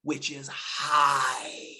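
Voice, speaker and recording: A middle-aged man speaks over a video call with a bright, forward voice. He is animated and exclamatory, jumping between loud bursts and quiet asides. His pitch sits in the middle range for a man. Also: very slow. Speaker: guest speaker. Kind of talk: energetic webinar talk.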